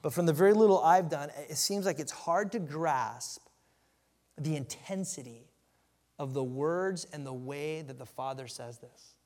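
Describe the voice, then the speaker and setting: A pastor preaching a sermon, emphatic and animated, often restarting his sentences. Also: a little high, a little slow. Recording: long reverb in a large hall.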